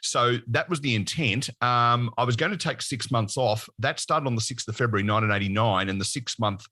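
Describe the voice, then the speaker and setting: An Australian man in his sixties chatting as a podcast guest, relaxed, with dry self-deprecating humor. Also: medium pitch, a little fast, no echo. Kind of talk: casual podcast chat.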